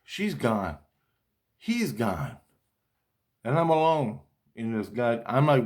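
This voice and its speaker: A man's voice: medium pitch, very animated, slow pace, darkish tone. A man in a rambling personal monologue, agitated and swearing constantly as he talks. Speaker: vlogger.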